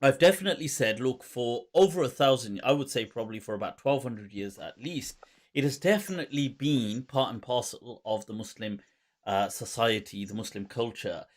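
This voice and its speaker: A man hosting a relaxed podcast chat, talking in a medium voice that is neither high nor low. He is animated and laughs often, and he drops technical religious terms into long explanations. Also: normal speed. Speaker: host. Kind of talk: casual podcast conversation.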